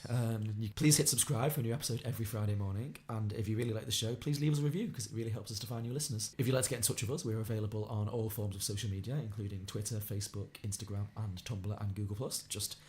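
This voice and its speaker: A man hosting a casual podcast, chatty and quick, reading out listener suggestions with a laugh here and there. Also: on the low side, steady tone, darkish tone, slight background noise. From Liverpool area of England. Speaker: podcast host.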